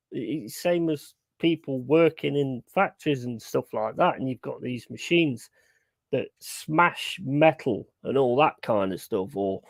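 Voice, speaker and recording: A man's voice: mid-range voice, vocal fry, dry recording. A young man chatting casually on a live stream, blunt and sweary, repeating his points for emphasis. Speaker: streamer hosting a football watchalong.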